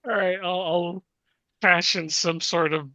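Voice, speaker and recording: Male player, bright and forward tone, close and dry sound. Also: sits high, fairly even intonation, measured pace, no room sound. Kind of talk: casual tabletop play.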